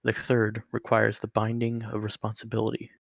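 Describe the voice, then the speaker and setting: Man doing a gravelly old talking rattlesnake, friendly, joking, matter-of-fact, slightly raised pitch, storybook reading. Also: monotone, normal speed, dry recording. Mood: chatty.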